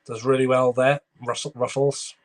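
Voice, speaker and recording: A man's voice: mid-range voice, flat delivery, normal speed. Chatty man giving live match reactions. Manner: chatty running commentary, reading out viewer messages. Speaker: football watchalong streamer.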